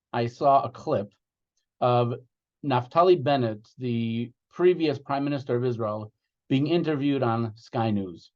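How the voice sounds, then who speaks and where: A man addresses an online congregation in a measured, heartfelt way, his pitch sitting in an ordinary middle range. He comes through a video call, and the sound is slightly dull and muffled. As a rabbi, he moves from speaking to the group into reciting psalms at a steady pace. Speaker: rabbi leading a prayer gathering.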